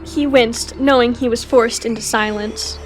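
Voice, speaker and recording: A woman reading a story roleplay aloud as narrator and player, animated and jumping higher on shouted lines. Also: unhurried. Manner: animated, rises high for shouted character lines.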